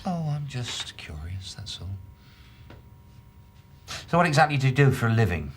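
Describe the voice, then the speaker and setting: A man's voice: mid-range voice, sing-song, normal speed, faint music behind, natural voice. An actor playing a male police detective who questions a suspect with sardonic, probing remarks.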